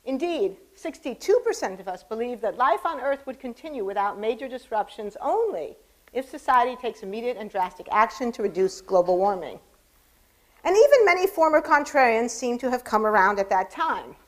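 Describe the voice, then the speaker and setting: A woman's voice: a little high, big pitch swings, normal speed. Wry woman giving a lecture. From United States. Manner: wry, dry asides with pointed emphasis. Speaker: speaker giving a public lecture. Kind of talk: public lecture.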